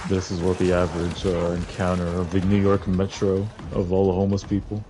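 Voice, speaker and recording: A man's voice: deep voice, monotone, fairly quick, noisy background. A man dropping short, dry quips in a casual gaming chat. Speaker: gamer friend.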